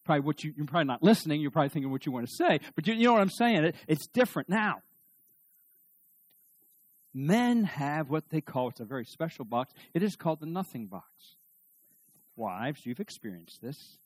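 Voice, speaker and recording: A middle-aged man giving a humorous talk on marriage to a live audience, animated and joking, often restarting his sentences. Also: on the high side, fairly quick, no room sound. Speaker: speaker on marriage.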